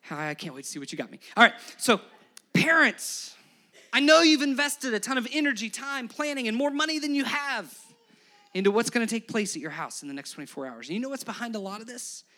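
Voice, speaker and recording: Bright-voiced animated male pastor. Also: extremely high pitch, a little fast. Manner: animated, playful asides to children. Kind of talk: sermon.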